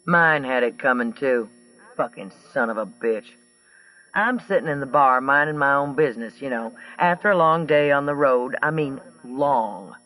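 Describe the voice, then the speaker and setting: A man reading an audiobook, voicing a rough, brawling woman trucker with a twangy drawl who talks blunt and profane. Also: mid-range voice, lively intonation, moderate pace, sharp tone, distant mic, soft background music, rough recording. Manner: blunt, profane, matter-of-fact.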